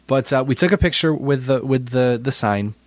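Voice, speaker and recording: A man's voice: medium pitch, moderate pace, very noisy. A man co-hosting a podcast, telling a story in casual chat and often repeating his words. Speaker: podcast co-host.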